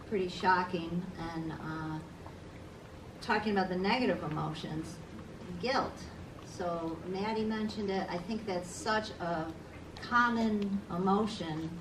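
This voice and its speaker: A woman giving a live talk at a grief forum, speaking haltingly with many fillers and restarts. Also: on the low side. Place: presentation room. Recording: echoey room, distant mic, background noise.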